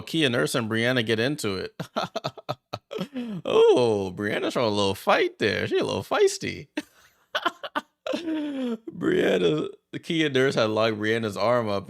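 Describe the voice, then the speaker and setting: A man hosting a watchalong, giving chatty, excitable play-by-play as he reacts aloud to the game. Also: fairly low pitch, vocal fry. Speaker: watchalong host. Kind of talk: casual live play-by-play commentary.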